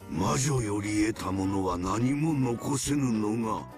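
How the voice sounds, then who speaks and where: A man's voice: on the low side, moderate pace, music in the background, close to an everyday voice. An actor playing a domineering old male family patriarch in a game, in a commanding, theatrical voice. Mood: stern. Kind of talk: Japanese game voice acting.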